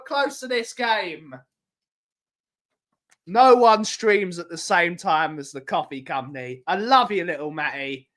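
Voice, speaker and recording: Guy on a live stream chatting to viewers, bright voice, rambles and repeats stuff. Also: sits high. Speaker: livestream host. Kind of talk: casual live chat reading viewer comments. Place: home.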